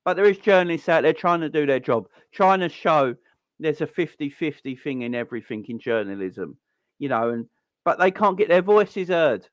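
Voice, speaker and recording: A man in his forties with a South London accent, ranting to camera as a football fan host. His voice sits fairly high for a man, and he swears freely, circling back over his own words. The sound is close and dry with no room around it. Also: lively intonation, normal speed, no echo. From South London, England. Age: 40s. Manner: angry, sweary, repeats himself and restarts often. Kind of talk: heated fan rant to camera.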